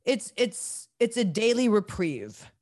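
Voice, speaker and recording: A man's voice: high-pitched, big pitch swings, takes it slowly, darkish tone, no room sound. Guy hosting a recovery podcast, blunt and sweary, stops and restarts a lot, dry close sound. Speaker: podcast host. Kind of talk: candid recovery talk.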